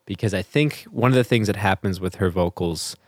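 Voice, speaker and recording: A man's voice: low voice, fairly quick, no room sound, clean studio sound. A young man co-hosting a radio music show, talking casually and a bit hesitantly. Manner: hesitant, self-deprecating.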